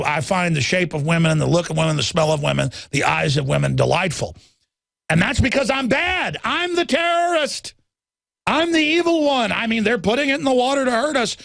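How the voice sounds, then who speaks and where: A man's voice: fairly high pitch, vocal fry, a bit bright, no echo, studio quality. A man hosting a talk radio show, ranting in a rambling, heated way with many fillers and restarts.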